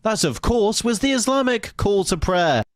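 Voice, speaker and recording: Sardonic male co-host, slightly high voice. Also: normal speed, a little hiss or hum. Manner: sardonic, deadpan asides. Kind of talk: introducing and narrating clips.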